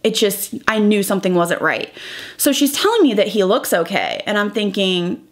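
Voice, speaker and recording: A woman's voice: mid-range voice, lively intonation, normal speed. A young woman vlogger recounting a painful personal story while doing her makeup, talking in a rambling, emotional way full of "like" and quoted dialogue. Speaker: beauty vlogger.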